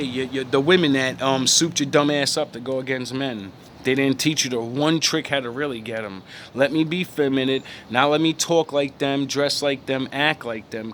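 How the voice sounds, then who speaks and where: Guy from the us going off on a vlog, mocking, swearing, laughs a lot, slightly high voice. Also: a bit bright, slight background noise. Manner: blunt, profane, mocking, laughs between points. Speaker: vlogger. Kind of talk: ranting opinion monologue.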